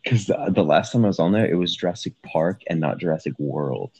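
A man's voice: sits low, expressive, fairly quick, darkish tone, slightly rough, dry recording, low-quality recording. A young man co-hosting a podcast, chatting casually, laid-back, swearing and laughing often. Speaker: podcast co-host. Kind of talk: casual chat.

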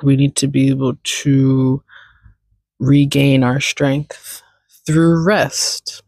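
Woman podcast host, casual solo chat, unhurried and rambling, dry close sound. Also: low-pitched, darkish tone, breathy edge, dry recording. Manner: rambling, chatty, talks to her cat.

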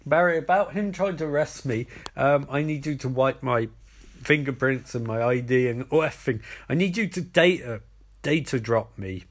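A man's voice: mid-range voice, moderate pace, natural voice. A man putting on a smug, sly male supervillain thief in a casual comic recap, with an offhand drawl. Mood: mock-confiding.

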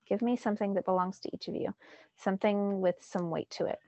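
A woman voicing a gruff, impatient man who steers a boat in a storybook reading, curt and brusque. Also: medium pitch, fairly even intonation, a little fast, a little mellow, no room sound, lightly acted.

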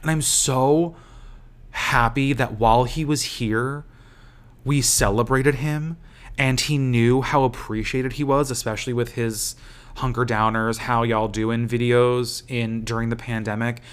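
A man's voice: medium pitch, fairly even intonation, unhurried, clean tone. A man hosting a podcast, in casual chat that is rambling and profane. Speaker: podcast host.

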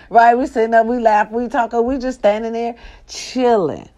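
A woman telling stories casually, animated and profane, who talks straight to her listeners. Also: fairly high pitch, normal speed. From American South. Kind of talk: casual storytelling.

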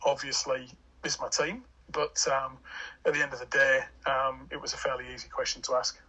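A man in his forties with an English Hull accent, chatting as an interview guest. His voice is strongly forceful and husky. He rambles along with many fillers and restarts. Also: medium pitch, little pitch movement, normal speed, rough recording. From England (Hull). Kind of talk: casual chat.

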